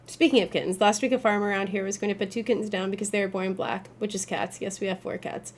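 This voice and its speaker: A young woman streams a game and chats loosely with her viewers, swearing freely and muttering her thoughts as she plays. When things go badly she erupts into loud, exasperated outbursts, then calms down. Her medium-pitched voice is fairly even and quick, with slight background noise.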